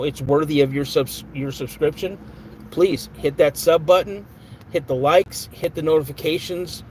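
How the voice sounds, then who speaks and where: A man's voice: fairly high pitch, slight background noise, low-quality recording. Rambling man hosting a live stream. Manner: rambling, reads chat aloud, flares up angrily at a troll. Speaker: podcast host. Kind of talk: casual live-stream chat.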